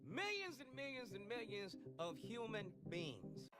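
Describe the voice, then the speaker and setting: Animated, profane man reacting live. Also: sits high, a little slow, over loud music. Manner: animated, profane, jokey asides. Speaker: live stream reaction host. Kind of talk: casual reaction commentary.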